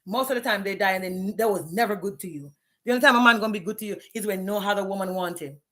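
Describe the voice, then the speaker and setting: A woman's voice: medium pitch, fast, a bit bright. Blunt, profane woman ranting on a live stream. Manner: blunt and profane, fiery, challenging viewers. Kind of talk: candid live-stream rant.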